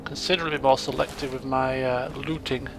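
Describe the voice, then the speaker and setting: A man casually commentating his own gameplay, chatty and self-mocking, getting excitable in the fights. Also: medium pitch, a little fast. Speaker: let's play gamer. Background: game music.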